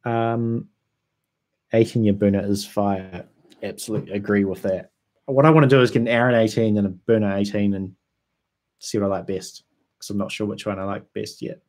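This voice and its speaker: A man's voice: fairly low pitch, normal speed. Chatty New Zealand man on a livestream. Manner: relaxed, chatty, frequent ums and laughs. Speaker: whisky YouTuber hosting a livestream. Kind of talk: casual livestream chat, reading viewer comments.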